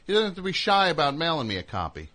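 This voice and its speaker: A man's voice: on the high side, huge pitch swings, quick pace, a crowd in the background. A man hosting a radio show, rambling and joking, interrupting himself as he talks into a studio mic. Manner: rambling, jokey, self-interrupting. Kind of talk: casual radio monologue.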